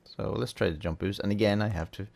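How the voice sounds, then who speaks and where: A man hosting a relaxed, chatty game tutorial, thinking aloud as he plays. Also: fairly low pitch, quick pace, vocal fry, a little hiss or hum. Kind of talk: casual gameplay tutorial.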